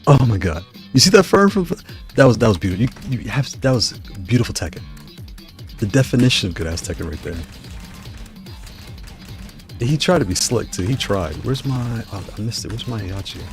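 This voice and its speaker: Lively low-voiced man calling his own game. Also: fairly quick, long pauses. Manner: excitable trash-talking play-by-play. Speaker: gaming channel host. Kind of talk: live gameplay commentary. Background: fighting game music and sounds.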